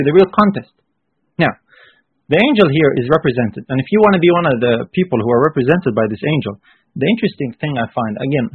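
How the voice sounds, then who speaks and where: A man's voice: on the high side, no echo. Emphatic preacher man on a tinny line. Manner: emphatic, with rising bursts and repeated phrases. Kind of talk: sermon. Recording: husky voice on a tinny phone-like line.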